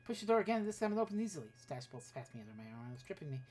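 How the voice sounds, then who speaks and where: Fast-reading low-voiced woman streamer. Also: slight background noise. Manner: rapid, lively reading with offhand asides and swearing. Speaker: streamer playing a text game. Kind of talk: reading a text adventure aloud on stream.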